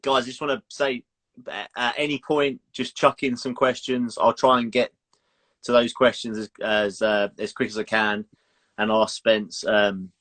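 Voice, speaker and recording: Host: man, mid-pitched, loose and chatty, lots of fillers. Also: level tone, measured pace, fairly bright tone. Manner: loose, rambling questions with fillers. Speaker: podcast host. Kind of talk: casual interview on a live stream.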